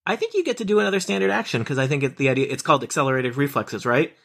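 A man's voice: on the high side, lively intonation, very fast, gravelly, a bit bright. A man runs a tabletop game as game master. He talks in a friendly, hesitant way, with plenty of ums and restarts. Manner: hesitant, full of fillers, friendly.

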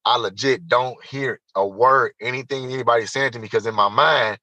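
A man telling a personal story as an interview guest, animated and emphatic, speaking straight to the listeners. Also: medium pitch, normal speed, dry recording, low-quality recording.

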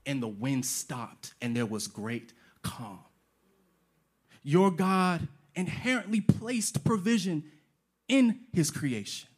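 A man's voice: fairly high pitch, expressive, slow, slightly rough. A pastor preaching a sermon, emphatic and repetitive, firing off rhetorical questions and slipping casual slang into his preaching.

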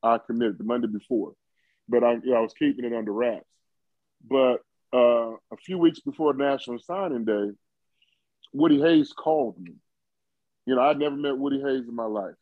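A man's voice: medium pitch, moderate pace, long pauses, dry recording. A man in his fifties from Ohio, a former football player telling a story in an interview, rambling with many fillers and chuckling often. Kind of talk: conversational storytelling. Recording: dull lo-fi dry recording.

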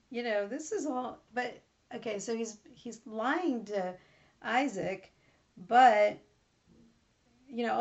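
A woman's voice: mid-range voice, vocal fry. A woman hosting a podcast, recapping a Bible reading in a chatty, rambling, informal way. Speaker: podcast host. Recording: slightly muffled recording.

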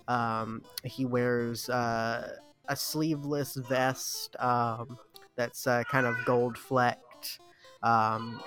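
A male podcast host in easy chat with friends, talking slowly and winding through his thoughts with plenty of pauses. He laughs at himself as he goes, and his voice sits at an ordinary middle pitch. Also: fairly bright tone. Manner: halting and rambling, laughs at himself. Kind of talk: casual chat among friends.

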